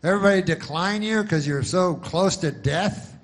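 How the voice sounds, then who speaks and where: A man voicing a pushy, over-eager insurance pitchman who sells to very old people, in a stand-up bit. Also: normal speed. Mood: salesy. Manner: loud, over-eager sales patter.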